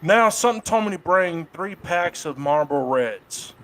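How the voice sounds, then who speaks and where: A middle-aged man telling wrestling stories in a casual interview, profane and lively. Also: high-pitched, moderate pace. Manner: profane, animated storyteller doing voices of others in quotes. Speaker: guest, wrestler.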